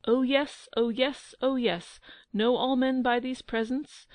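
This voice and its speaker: Storybook herald, formal and declaiming, raised and a touch high, voiced by a woman. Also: steady tone, takes it slowly, a little mellow, dry recording, poor audio. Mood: proclaiming. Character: herald reading a royal proclamation.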